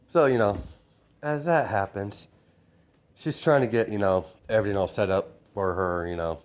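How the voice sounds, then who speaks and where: A man improvising a fan story out loud in a rambling way, filling his sentences with hesitations and fillers. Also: fairly low pitch, moderate pace. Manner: rambling, full of "you know" fillers.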